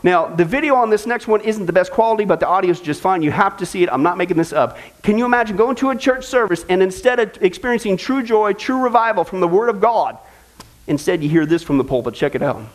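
A man with a high, very lively voice teaches a Bible study. He talks with a mocking, joking edge and breaks into sudden exclamations. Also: quick pace. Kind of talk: recorded Bible study talk.

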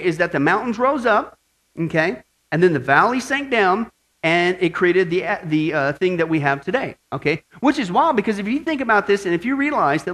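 A man preaching a Bible study sermon, animated and asking his audience questions. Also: sits high, low-quality recording.

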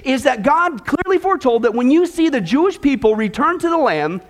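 A man's voice: very high voice, very animated, brisk. A man preaching a sermon as pastor, joking and chatty and often asking the congregation questions. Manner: joking, conversational, asks the audience questions.

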